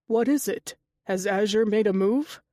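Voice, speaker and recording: A woman's voice: mid-range voice, a little slow, warm tone, no echo, clean studio sound, close to an everyday voice. A woman voicing an anxious young male king-to-be who speaks formally and nervously in an audiobook. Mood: worried. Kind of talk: audiobook character dialogue.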